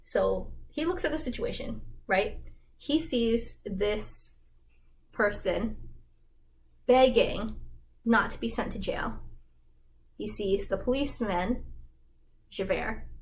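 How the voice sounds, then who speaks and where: A woman's voice: medium pitch, takes it slowly, long pauses, a little hiss or hum, low-quality recording. A woman giving a casual, slangy plot summary, chatty and full of likes. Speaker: fandom explainer host.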